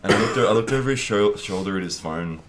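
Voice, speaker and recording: Fast-talking Australian man, deep voice. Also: over loud music. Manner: animated, swearing, acts out voices in his stories. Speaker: co-host. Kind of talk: casual gaming chat, storytelling.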